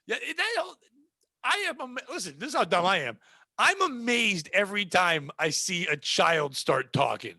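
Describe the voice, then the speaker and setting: A man's voice: sits high, huge pitch swings, a little fast, sharp tone, dry recording, clean studio sound. A man hosting a comedy podcast, chatting casually and joking with big swoops up into exclaims. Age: adult. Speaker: podcast host.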